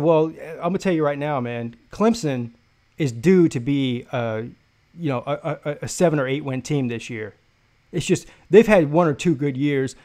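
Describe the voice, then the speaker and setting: Male sports-stream host, brash and mocking, slightly higher voice, loose profane storytelling. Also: darkish tone. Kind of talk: casual live-stream storytelling.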